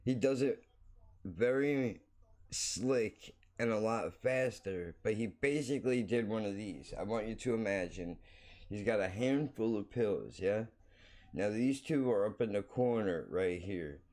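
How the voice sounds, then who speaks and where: A man's voice: on the low side, lively intonation, a little slow, darkish tone. A man hosting his own show, telling a rambling story bluntly and swearing freely. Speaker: podcast host. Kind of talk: casual storytelling monologue.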